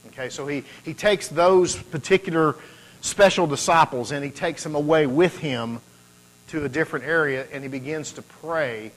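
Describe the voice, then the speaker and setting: A man's voice: a little high, normal speed, low-quality recording. A man preaching a sermon, talking conversationally and building to emphatic peaks. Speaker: pastor.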